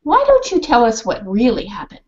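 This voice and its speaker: A woman reading as a calm, caring teacher with a soothing, concerned manner, heard over a dull lo-fi video call. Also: on the high side, moderate pace, husky, heavily acted.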